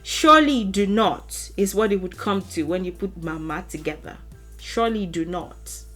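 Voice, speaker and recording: A woman giving a casual language lesson to camera. She speaks deliberately, repeats example phrases with stretched emphasis and laughs lightly between points. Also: medium pitch, expressive, a bit bright, faint music behind. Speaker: language teacher.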